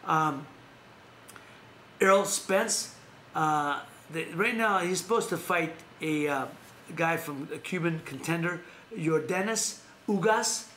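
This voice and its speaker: A man's voice: fairly high pitch, slow pace, pushed and bright, roomy sound, a little hiss or hum. A man hosting a live stream, talking boxing news in a loose, rambling way with frequent restarts and laughs. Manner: rambling, self-correcting, laughs often. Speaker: host. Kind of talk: casual boxing news chat.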